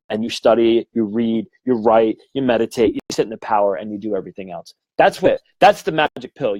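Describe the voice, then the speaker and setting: Man, casual livestream talk, earnest, rambling, mid pitch, dry close sound. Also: a little mellow, no echo, poor audio. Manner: earnest, rambling, with frequent restarts and mild swearing. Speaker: medium giving a live talk. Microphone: phone or webcam livestream.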